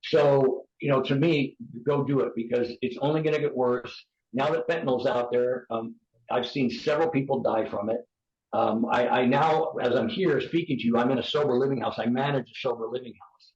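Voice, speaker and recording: Man from the United States, 50s, earnest pleading testimony, middle pitch, echoey muffled podcast audio. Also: fairly even intonation, moderate pace, a little mellow. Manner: earnest and pleading, with frequent restarts. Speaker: podcast guest. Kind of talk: emotional personal testimony. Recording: roomy, dull podcast audio.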